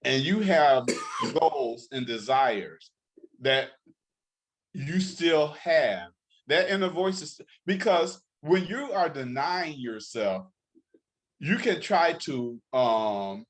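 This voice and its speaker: A man answers as a guest life coach in an earnest coaching tone, and he circles back to his points to drive them home. He talks slowly and deliberately, in a mid-range male voice. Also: medium pitch, animated. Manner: earnest, coaching tone, repeats for emphasis. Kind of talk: conversational interview.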